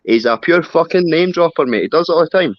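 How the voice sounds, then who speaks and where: A man's voice: a little high, lively intonation, fast talker, dry recording. A Scottish man calling into a live stream, agitated, swearing and repeating himself. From Scotland. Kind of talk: casual call-in chat. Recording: dull lo-fi call audio.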